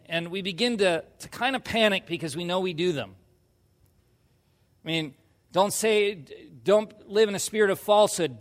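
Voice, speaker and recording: A man preaching a sermon, telling a personal story and acting out quoted lines in a hushed voice before pushing to loud emphasis. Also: high-pitched, big-room sound. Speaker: pastor.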